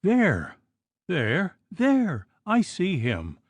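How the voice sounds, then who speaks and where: A woman's voice: wildly swooping pitch, extremely slow, no room sound, full character voice. A man voicing a terrified, frail young wife, pleading and screaming in hysterical fear. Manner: shrill, pleading, breaking into screams.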